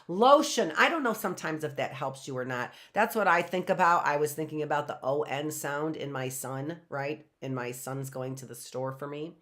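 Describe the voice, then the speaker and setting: A middle-aged woman teaching a live online phonics lesson, patiently asking questions and slowly sounding words out. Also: deep voice, fairly bright tone.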